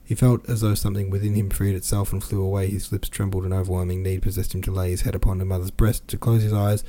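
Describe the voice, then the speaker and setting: A man reading a classic novel aloud for a podcast, with quick asides of his own between passages. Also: low-pitched, flat delivery, warm tone. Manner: reads with quoted dialogue and brief asides. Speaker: podcast reader.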